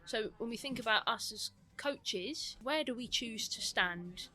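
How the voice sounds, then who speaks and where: Fast-talking woman with a London twang. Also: a little high. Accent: mixed British, London twang. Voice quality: slight lisp. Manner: talks quickly, animated. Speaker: guest coach mentor. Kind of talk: podcast conversation.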